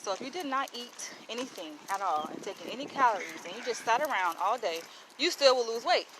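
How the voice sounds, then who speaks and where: A woman's voice: a little high, animated, brisk, a bit bright, rough recording. Chatty woman vlogging on a walk. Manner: chatty, addresses viewers as y'all, blunt opinions. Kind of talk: casual walking vlog. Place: outdoors on a city walk. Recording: outdoor street noise.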